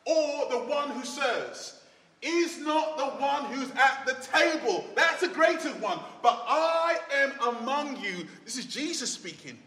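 A man preaching a sermon, dramatic, swinging between loud exclamations and hushed low asides. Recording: long hall reverb.

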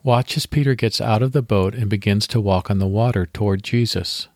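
A man hosting a devotional podcast, reading scripture slowly and leading a guided meditation. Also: fairly low pitch, darkish tone, no room sound, clean studio sound.

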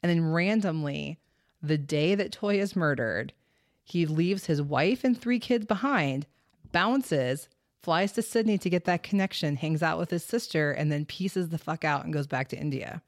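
A woman's voice: low voice, expressive, unhurried, dry recording. Chatty woman with a dry close sound. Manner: chatty, loose and swearing, with many fillers. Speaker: podcast host. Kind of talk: casual true crime podcast chat.

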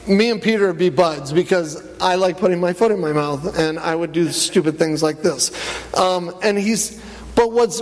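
A man preaching a sermon, animated, rising to loud peaks and dropping low. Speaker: pastor. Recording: long church hall reverb.

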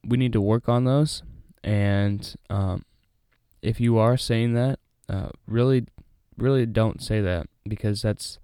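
A man with a lowish, mellow voice reads a Bible passage and then chats about it casually, full of "uh" and "like". His voice is smooth and clear, recorded close and dry. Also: slow, no room sound. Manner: relaxed, chatty, many fillers. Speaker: Bible study host. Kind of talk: casual Bible reading and commentary.

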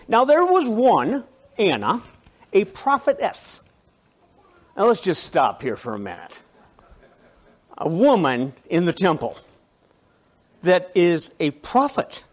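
A man preaching to a biker church congregation, conversational and animated, with restarts and asides. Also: a little high, unhurried, long pauses. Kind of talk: sermon.

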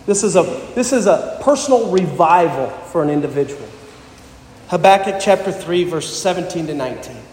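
A man's voice: animated, moderate pace, darkish tone. A man preaching a sermon, earnest, rising for emphasis as he reads and explains scripture. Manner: earnest, rises in pitch and volume for emphasis. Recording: echoey hall.

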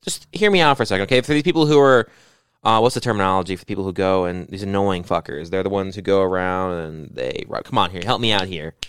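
Profane rambling young man, smooth voice. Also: low-pitched, quick pace, no echo. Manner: rambling, profane, riffing with rising excitement. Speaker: podcast co-host. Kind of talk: casual comedic banter.

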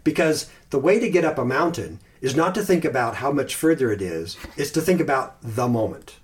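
A man in an unhurried podcast chat, speaking at a middle pitch and thinking aloud. He stops and restarts his sentences and sometimes slows down to recite a short phrase word by word. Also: lively intonation, a little hiss or hum. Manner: thoughtful, halting, with restarts and slow recited phrases. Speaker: podcast host. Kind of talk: casual podcast chat about Christian meditation.

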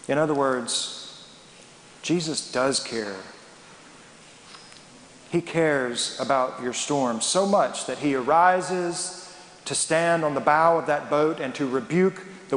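A man preaching a sermon as a pastor, emphatic and dramatic, asking rhetorical questions. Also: a little high. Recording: echoey hall with long reverb.

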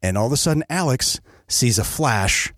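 A male podcast host tells a comedy story in a lively, swinging voice. He keeps it conversational and often checks in with "right?", and the sound is close and dry. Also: mid-range voice, normal speed, no echo.

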